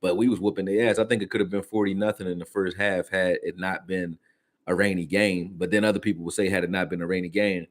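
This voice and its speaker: A man with a low voice hosts a casual sports reaction stream. He talks in loose, slangy, conversational runs and answers his viewers between his own points. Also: fairly even intonation, fast. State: hiccups. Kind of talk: casual live-stream commentary.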